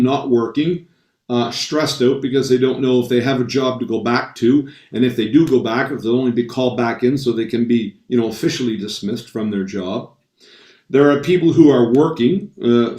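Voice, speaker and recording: Man, stress coach, emphatic talk, repeats points, mid pitch, echoey, far from mic. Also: a little mellow. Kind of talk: talk to an online roundtable audience. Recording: roomy sound from a distant mic.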